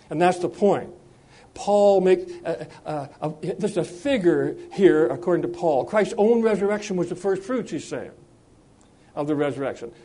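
A man preaching a sermon, speaking in a measured way with frequent hesitations and restarts, and slowing down and lifting his voice when he reads scripture aloud. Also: high voice, mellow. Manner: slows and lifts his voice when reading scripture.

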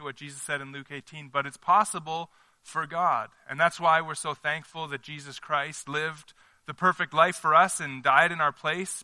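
A male pastor delivering a conversational sermon at a church service, earnest and emphatic as he thinks his points through aloud. His voice is strikingly bright and sits a little high. The sound is close and dry. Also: no room sound.

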